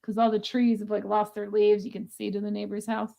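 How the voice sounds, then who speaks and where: A woman's voice: mid-range voice, little pitch movement, brisk, vocal fry, warm tone. A woman co-hosting a live sale, chatting casually and laughing often. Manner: giggly, chatty. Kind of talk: casual chat.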